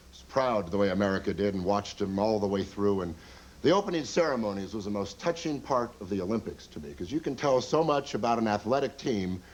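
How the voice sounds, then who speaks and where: A man performing a wry, deadpan stand-up routine on a TV show in front of a live studio audience. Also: fairly low pitch, low-quality recording. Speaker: stand-up comedian. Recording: old TV tape, audience noise.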